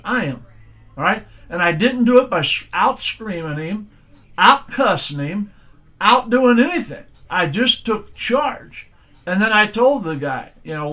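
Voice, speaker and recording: A man's voice: high voice, bright, forceful tone. An older man, preaching a sermon by telling plain, folksy stories from his own life in a firm way. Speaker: pastor.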